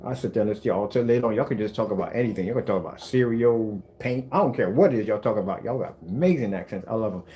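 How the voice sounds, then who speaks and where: A man demonstrating projector screen paint in a combative, animated way, talking straight to his critics. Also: fairly low pitch, quick pace, few pauses, slight background noise. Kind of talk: product demonstration rant.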